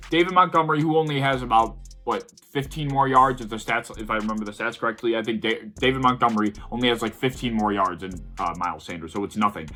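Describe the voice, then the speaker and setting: A man's voice: mid-range voice, pushed and bright. A young man giving a heated, profane sports rant, repeatedly exasperated as he talks. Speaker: sports video host. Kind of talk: ranting sports commentary.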